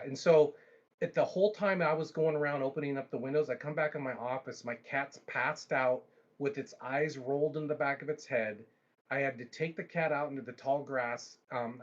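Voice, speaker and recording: Here a man runs a livestream and spins out a lengthy tale, animated and casual, often restarting and wandering into asides. His voice is mid-range, and the audio sounds dull.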